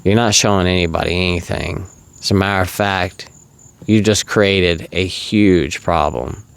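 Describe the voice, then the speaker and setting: A man's voice: fairly low pitch, gravelly, clean tone. A man in his thirties from South Carolina, talking casually and earnestly to his viewers, with lots of uhs and you-knows. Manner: rambling, earnest, filler-heavy. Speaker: recovery vlogger. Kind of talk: casual monologue to camera.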